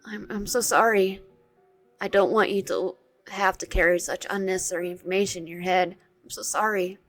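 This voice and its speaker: Brief: woman reads as a soft-spoken, troubled teen boy from a visual novel, halting delivery, dry close sound, mid-range voice. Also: medium pitch, steady tone, dry recording, soft background music, lightly acted. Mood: tearful. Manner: halting, stumbling over words.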